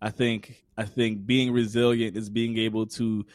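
A man's voice: fairly low pitch, flat delivery, measured pace, dry recording, clean studio sound. A man in his twenties, a podcast guest, talking earnestly in an interview and explaining with everyday examples. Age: 20s. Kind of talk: conversational interview.

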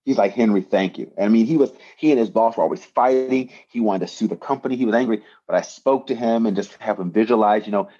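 A man in casual conversation telling an animated story, often checking in with "right?". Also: lowish voice, fast talker, hardly any pauses, husky, muffled recording.

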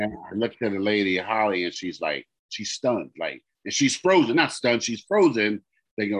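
A man co-hosting a podcast, casually telling an animated story and acting out the people in it. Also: sits low, normal speed, rough recording. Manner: animated storyteller, acts out quoted dialogue. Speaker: podcast co-host.

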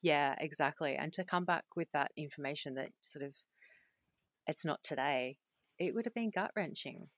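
A woman's voice: low-pitched, moderate pace, fairly bright tone, dry recording, clean studio sound. A woman hosting an interview, empathetic and supportive, affirming the guest often.

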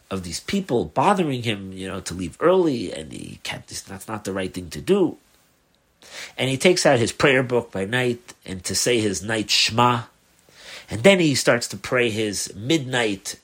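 A man's voice: lowish voice, husky. A man, a rabbi, telling a story in a loose lecture style and acting out the dialogue. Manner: animated, acts out the dialogue; loose, with fillers.

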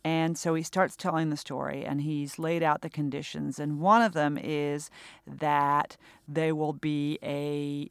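A man's voice: on the high side, level tone, measured pace, gravelly, clean tone, no room sound, studio quality. A man hosting a podcast, setting up a clip and reading the upbeat sign-off. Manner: upbeat, reads the sign-off brightly. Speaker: podcast host.

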